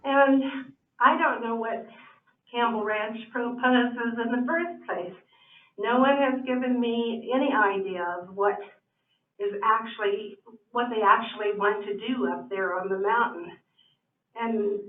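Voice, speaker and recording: A woman speaking as a resident at a town meeting, earnest and measured, pausing between words. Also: a little high. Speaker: resident speaking at public comment. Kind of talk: public meeting comment. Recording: echoey, distant, tinny phone-like sound.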